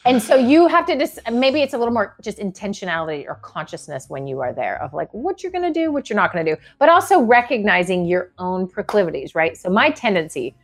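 A woman's voice: medium pitch, big pitch swings, brisk, hardly any pauses. Rambling, thoughtful woman chatting on a podcast. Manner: thoughtful, rambling, laughs often. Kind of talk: casual podcast chat.

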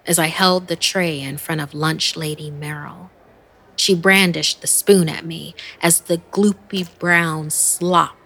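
A woman narrating a first-person horror story in a measured, hushed storytelling manner, sometimes sinking almost to a whisper. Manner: slow, low and gravelly, dropping to hushed whispers.

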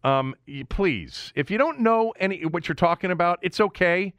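A man co-hosting a sports talk show, ranting and mocking in an opinionated, animated way. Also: high voice, moderate pace, no room sound. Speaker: sports radio co-host.

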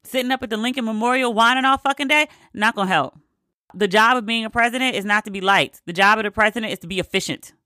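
A woman's voice: on the high side, fast talker, pushed and bright, no echo, clean studio sound. A woman ranting in a casual, profane, exasperated way, hammering her points with emphatic repetition. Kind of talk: opinionated casual rant.

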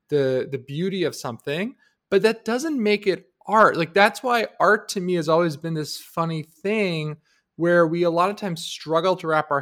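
Emphatic, fairly high-voiced male co-host. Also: fairly bright tone. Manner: opinionated, emphatic, shifts pace often. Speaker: podcast co-host. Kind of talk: conversational podcast debate.

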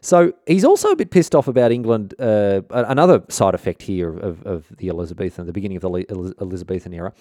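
An Australian man hosts a comedy history podcast and rambles through the story with slang and side jokes. His voice is low and mellow, with lively swings in pitch. The sound is close and dry. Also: fast, hardly any pauses, no room sound. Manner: irreverent, slangy, rambling asides. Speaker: podcast host. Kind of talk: comic history podcast narration.

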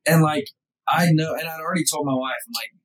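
A man's voice: on the high side, fast, crowd noise, rough recording. A man in his thirties hosting a podcast, talking enthusiastically with lots of "dude" and "bro". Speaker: podcast host. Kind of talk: casual chat.

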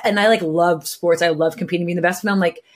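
A woman's voice: on the low side, steady tone, quick pace. A young woman from California, a guest telling her story in a casual chat, bubbly and full of filler words. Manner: bubbly, lots of filler words, acts out quotes. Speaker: guest, professional soccer player.

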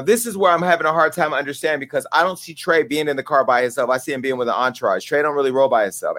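A man's voice: fairly high pitch, fairly bright tone. Brash comedic gossip host, man. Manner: brash, candid, comedic storytelling. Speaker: talk show host. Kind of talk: gossip commentary.

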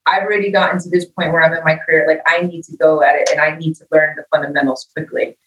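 A middle-aged woman with a fairly low voice tells lively stories in a casual interview and acts out what other people said. She sits some distance from the mic, and the room adds a clear echo. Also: fast talker, dull audio, slight background noise. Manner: animated storyteller, acts out quoted dialogue. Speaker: guest musician.

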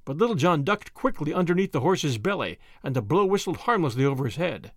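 Man, storybook narration, expressive and lilting, lively pitch, dry close sound. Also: fairly quick, no room sound. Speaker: audiobook reader.

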